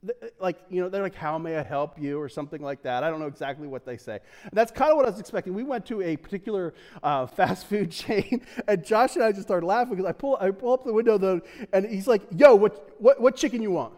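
A man's voice: high-pitched, animated, fast, darkish tone. A man preaching a casual conversational sermon as pastor, joking and chuckling as he goes. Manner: joking, chuckling often, restarts and fillers. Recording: long hall reverb.

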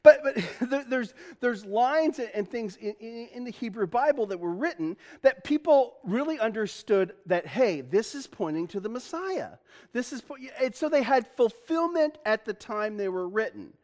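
A middle-aged man with a notably high voice delivers a loose, conversational sermon in a church. He jokes with his listeners and laughs often as he talks. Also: animated, moderate pace, a little mellow. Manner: chatty and joking, laughing often. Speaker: pastor.

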